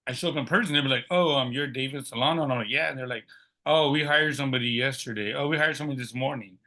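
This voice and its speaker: Brief: middle-aged man, guest storyteller, bright and forceful tone, acts out what others said. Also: medium pitch, very fast. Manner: lively, acts out quoted dialogue. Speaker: podcast guest. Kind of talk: personal storytelling.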